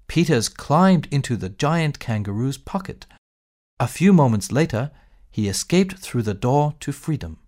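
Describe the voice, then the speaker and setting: A man reading a textbook story in clear, measured narration, as a space captain telling his own adventure. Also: mid-range voice, very animated, darkish tone. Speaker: textbook audio reader.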